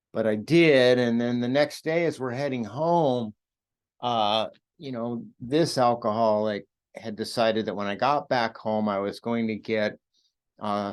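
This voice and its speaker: A middle-aged man in a podcast interview, telling his own story in an earnest, reflective way with frequent fillers and restarts. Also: on the low side. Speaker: podcast host and author sharing his recovery story.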